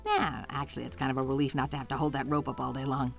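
Voice actor doing a gravelly laid-back tree lady. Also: mid-range voice, rapid-fire, faint music behind, natural voice. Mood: relaxed. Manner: relaxed, easygoing.

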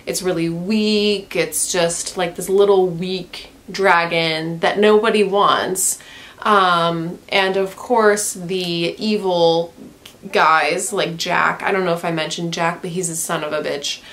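Woman vlogger ranting about a book, slow and drawn out, swears a lot, says like constantly. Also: lowish voice, steady tone, fairly bright tone. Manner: frank and profane, heavy use of "like". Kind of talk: casual book review rant.

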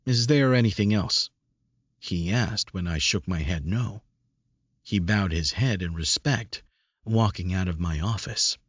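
A man's voice: low-pitched, a little slow, husky, no echo. A man reading a first-person audiobook in a brooding, self-questioning way. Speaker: audiobook narrator. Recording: dull lo-fi recording.

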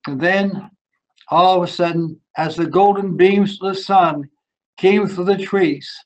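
A man's voice: sits high, fairly even intonation, measured pace, muffled recording. An older man with a German accent, giving a fervent sermon testimony about his childhood. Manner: rising to fervent, emphatic preaching. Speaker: preacher.

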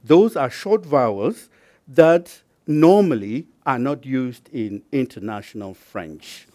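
Halting, slow-paced man lecturing. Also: mid-range voice, animated, warm tone. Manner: halting, many fillers and repeated words; careful, explanatory. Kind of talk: university lecture.

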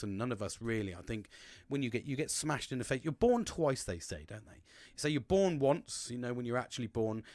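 Middle-aged male host, casual rambling monologue, frequent swearing, mid pitch, dry close mic. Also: dry recording. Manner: rambling, swears a lot, animated swings in pitch. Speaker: podcast host.

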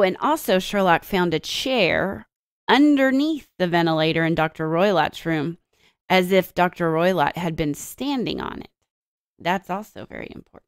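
A woman teacher reading a story aloud to children and explaining it, with expressive storytelling and dramatic pauses. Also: lowish voice, no echo, studio quality.

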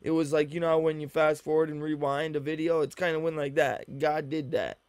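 A man's voice: on the high side, little pitch movement, fairly quick, a little mellow, clear, resonant tone, no room sound. A man giving teasing, profane reaction commentary while watching a video. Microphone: desk mic, looking at a screen.

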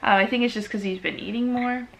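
A young woman, a mom, chatting casually in a home video about her baby, sick at the moment, and sometimes cooing to him in a high sing-song voice. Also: steady tone, fast, gravelly, slight background noise. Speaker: mom vlogger. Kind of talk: casual baby update vlog. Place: home living room. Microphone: camera on a tripod.

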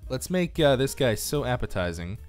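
A man's voice: mid-range voice, big pitch swings, normal speed, darkish tone, soft background music. A tired man from the United States giving casual, joking live-stream commentary on a strategy game and reading chat aloud. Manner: chatty, reads chat aloud, joking asides.

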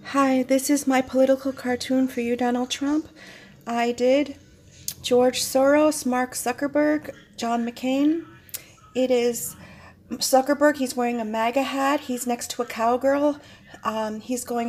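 A woman, a cartoonist, rambling and halting as she casually explains her own political cartoons to viewers. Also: high voice, steady tone, darkish tone.

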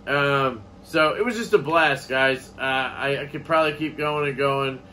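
Bright-voiced man rambling casually. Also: mid-range voice, normal speed, slight background noise. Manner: rambling, laid-back, swears casually. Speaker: knife collecting vlogger. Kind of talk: casual chat.

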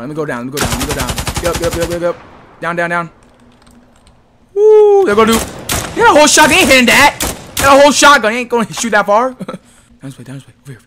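A young man giving casual, excitable gameplay commentary full of slang, with game gunfire behind him. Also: high voice, background noise. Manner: excitable, yelling at enemies, slangy. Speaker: gaming YouTuber.

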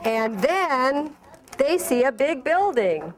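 A woman's voice: high-pitched, slow pace. A woman leading a children's storytime, reading a picture book aloud and asking the children questions along the way. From El Paso, Texas. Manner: animated, asks children questions. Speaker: library director reading at storytime.

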